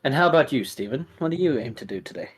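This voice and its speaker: Husky-voiced man as game master. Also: mid-range voice, fast, rough recording. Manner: narrates in a relaxed way, with fillers and laughs. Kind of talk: narrating a tabletop game.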